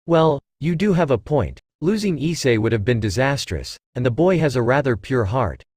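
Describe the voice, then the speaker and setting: A man's voice: medium pitch, sing-song, moderate pace, a little mellow, breathy edge, no echo, clean studio sound. A man reading as a composed senior archangel. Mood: measured.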